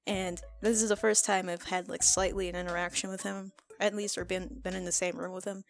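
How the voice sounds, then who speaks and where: A teenage girl telling rambling high school stories in a casual storytime, often laughing and restarting her sentences. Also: little pitch movement, fairly quick, vocal fry, soft background music. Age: teens. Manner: rambling, laughing, self-correcting. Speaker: art vlogger. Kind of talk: casual storytime over a speedpaint.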